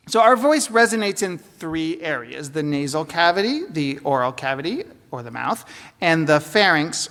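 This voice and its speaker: A woman's voice: fairly low pitch, a bit bright. A woman giving an academic lecture, explaining steadily with occasional fillers and asides. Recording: roomy hall reverb.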